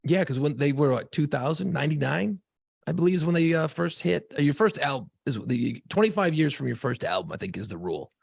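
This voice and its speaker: A man's voice: fairly high pitch, animated, fairly quick, no echo, studio quality. A man co-hosting a casual podcast, swearing freely and rambling through a long story about home life. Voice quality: gravelly. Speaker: podcast co-host.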